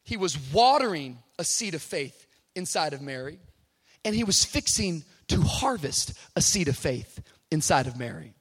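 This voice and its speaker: A man preaching a sermon, moving from conversational asides to shouted, rising declarations, with jokes along the way. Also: a little high, very animated, normal speed, breathy edge. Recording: live hall reverb with faint music.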